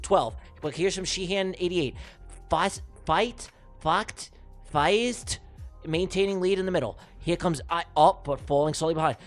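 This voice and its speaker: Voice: medium pitch, normal speed. A livestream host calling giveaway races with playful, teasing energy. They repeat their catchphrases for emphasis and joke with viewers, while faint music plays under the voice. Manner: excitable, teasing and joking. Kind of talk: playful live race commentary. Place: live stream broadcast.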